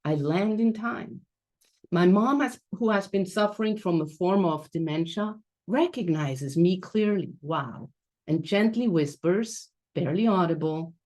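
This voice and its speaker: A woman from Switzerland giving a reflective, measured personal storytelling talk as a guest speaker over a video call. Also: fairly low pitch, darkish tone. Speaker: guest speaker, transition coach.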